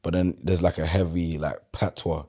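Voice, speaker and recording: A man with a South London accent and a very low voice talks in a casual podcast conversation. He tells stories in a relaxed, rambling way. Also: normal speed. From London, England. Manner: relaxed storyteller, loose and chatty. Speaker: podcast guest.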